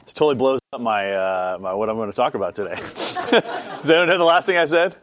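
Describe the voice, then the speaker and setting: A man's voice: mid-range voice, lively intonation, brisk, a bit bright. Chatty man teaching a Bible class. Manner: chatty, self-deprecating, many fillers. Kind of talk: informal Bible class talk.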